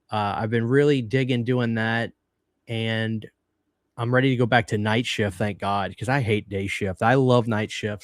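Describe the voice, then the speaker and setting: A man with a Southern US accent trades jokes with his co-host in a relaxed drawl. His voice sits at an ordinary pitch and sounds dry and close, with no room around it. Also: dry recording. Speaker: podcast co-host. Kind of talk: casual chat.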